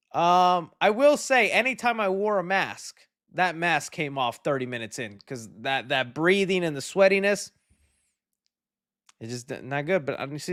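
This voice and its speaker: A man hosting a casual livestream, chatting in a relaxed, friendly way while answering viewer donations. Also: high voice, dry recording, studio quality. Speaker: livestream host.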